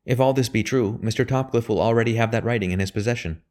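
A man's voice: mid-range voice, quick pace, a little mellow, voice pushed up, natural voice. A man reading aloud, voicing an anxious young woman who speaks breathlessly and in a near whisper. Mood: resolved. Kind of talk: audiobook character voice.

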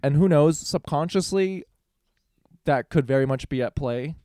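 A man co-hosting a casual podcast chat, talking in a measured way and thinking aloud with some hesitation. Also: a little high, warm tone, no echo, studio quality. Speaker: podcast co-host.

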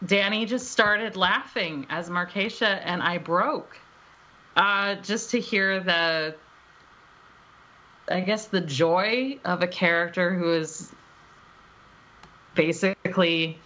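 A woman chats loosely about directing a voice recording session, breaking into laughter often as she rambles. Her voice is bright and forceful despite sitting fairly low for a woman. The recording sounds somewhat dull and lo-fi. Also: slow pace, pauses often. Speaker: voice director and game developer. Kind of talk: casual podcast chat.

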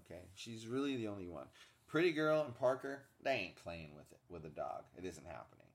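A man co-hosting a podcast in casual chat, telling animated stories about his pets. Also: lowish voice, fairly quick. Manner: animated storyteller, acts out pets' thoughts in silly voices. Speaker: podcast co-host.

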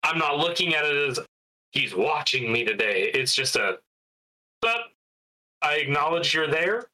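A man's voice: on the high side, very animated, unhurried, bright, forceful tone, low-quality recording. A man co-hosting a podcast in casual chat, easygoing and wry, often acting out voices of people in his anecdotes. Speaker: podcast co-host.

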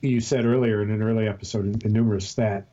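A man co-hosting a podcast with a husky voice, joking and swearing in casual chat. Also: on the low side, fairly even intonation, quick pace, mellow, lo-fi sound. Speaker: podcast co-host.

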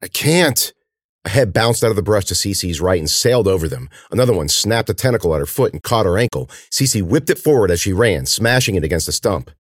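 Deep-voiced man reading a dramatic story. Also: expressive, fast talker, hardly any pauses, husky, no echo, studio quality. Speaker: narrator. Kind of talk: audiobook reading of a horror story.

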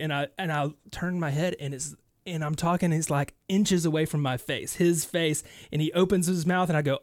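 A talk radio co-host telling stories with an animated delivery and frequent laughs. His voice is somewhat high for a man. The studio sound is dry and close. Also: fairly quick, few pauses, dry recording. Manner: animated storyteller, laughs often. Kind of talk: casual talk radio storytelling.

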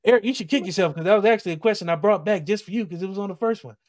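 A man hosting a casual podcast quiz game, joking and laughing between slowly read clues. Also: high-pitched.

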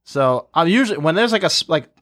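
A man's voice: a little high, lively intonation, fast talker, fairly bright tone, no room sound, studio quality. A man in casual podcast chat who muses aloud and drifts into joking asides. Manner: joking asides, musing and digressive. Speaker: podcast co-host.

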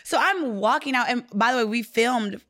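Woman, podcast co-host, animated casual storytelling, somewhat high pitch. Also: moderate pace. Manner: animated storyteller, laughs while talking. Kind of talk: casual chat.

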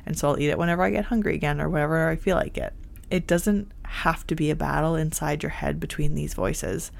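A woman hosting a self-help podcast, talking in a gentle, reassuring and encouraging way. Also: deep voice, vocal fry. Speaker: podcast host.

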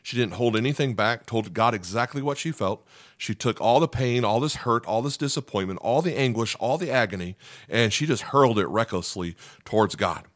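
A man's voice: medium pitch, expressive, fairly quick, no echo, studio quality. A man preaching a sermon as a pastor, earnest and emphatic, often checking in with "okay?".

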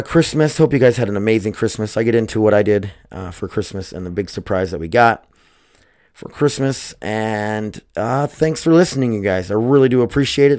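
A man's voice: mid-range voice, darkish tone, smooth. A young man hosting a casual solo podcast from home, rambling and swearing casually, close to the mic. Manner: rambling, swears casually, self-talk asides. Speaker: podcast host. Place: home, dogs nearby. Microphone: close microphone.

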